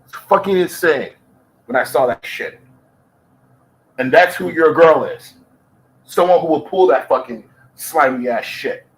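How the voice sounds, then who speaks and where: A man's voice: fairly high pitch, measured pace, pauses often, poor audio. A man giving heated commentary, swearing constantly and repeating his points. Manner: profane, heated, repetitive. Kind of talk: ranting commentary.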